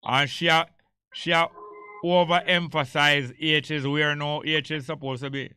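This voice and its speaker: Jamaican guy hosting talk radio, super bright clear voice, storytelling in patois and english. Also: on the high side, steady tone, unhurried, no room sound. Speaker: radio host. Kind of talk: casual talk radio discussion.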